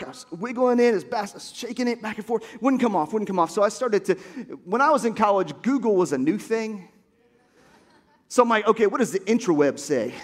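A man preaching a sermon, telling a story and building to shouted exhortation. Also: high-pitched, long reverb tail. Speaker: pastor.

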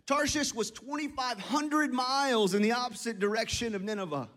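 A middle-aged man preaching a sermon as pastor, animated and acting out little voices and asides. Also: very high-pitched, normal speed.

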